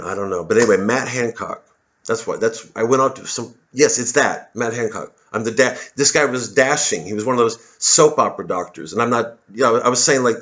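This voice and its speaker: A man's voice: medium pitch, fairly bright tone, dull audio. A man in his forties in a casual, rambling monologue, full of swearing and restarts. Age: 40s. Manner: rambling, profane, many restarts. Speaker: comedian vlogger.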